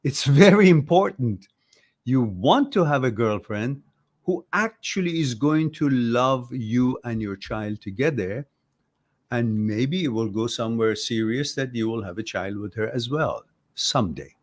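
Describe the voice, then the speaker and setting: A man of ordinary pitch hosts an advice talk, blunt and heated. He curses when something annoys him and plays out both sides of imagined conversations. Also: expressive, unhurried. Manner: passionate, blunt, swears when upset. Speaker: advice show host. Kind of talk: livestream advice talk reading viewer comments.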